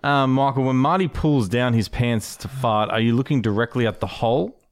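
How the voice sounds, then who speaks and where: A man's voice: mid-range voice, normal speed, no room sound. An Australian man hosting a podcast and reading listener questions, laid-back and hesitant. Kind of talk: casual podcast chat.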